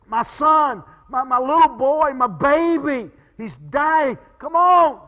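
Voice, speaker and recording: A man preacher voicing a desperate father who begs Jesus to come quickly, breathless and stammering. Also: extremely high pitch, lively intonation, pushed and bright, in a large hall, voice pushed up, full character voice. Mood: frantic pleading. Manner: breathless urgent pleading, stammering repeats.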